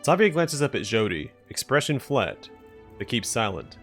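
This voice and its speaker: A man hosting a let's play, reading the game's narration and dialogue aloud in a plain, relaxed way. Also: mid-range voice, moderate pace, soft background music. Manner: plain, relaxed reading, declines doing accents.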